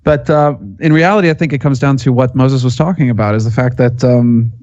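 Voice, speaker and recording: A man who is a guest commentator on a podcast, explaining in fast, loose, laid-back casual chat. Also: medium pitch, a little mellow, dull audio.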